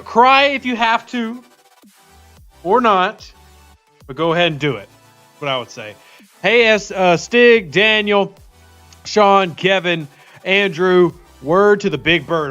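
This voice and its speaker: Upbeat male streamer, fairly high voice, chatty with viewers; slightly dull audio, faint music under. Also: sharp tone. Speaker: game streamer. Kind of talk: casual live-stream chat.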